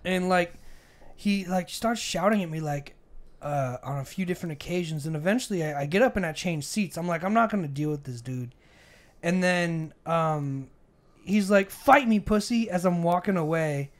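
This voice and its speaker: Speaking at normal speed in a slightly high voice, this Arizona man in his twenties co-hosts a podcast and tells a story over beers. As he grows heated, he voices the quotes of the argument with animation in a casual way.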